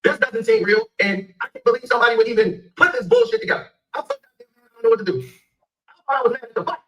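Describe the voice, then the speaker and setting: High-pitched, fast, furious ranting man. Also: huge pitch swings, bright, forceful tone, muffled recording. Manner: heated, profane, emphatic. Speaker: sports commentator. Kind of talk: angry rant.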